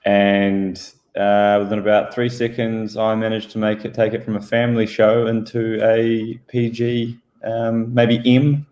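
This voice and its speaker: A man's voice: lowish voice, monotone, a little slow, few pauses, a little mellow, roomy sound. A man cohosting a casual podcast, talking in a sheepish, rambling, apologetic way. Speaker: podcast co-host. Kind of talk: casual chat.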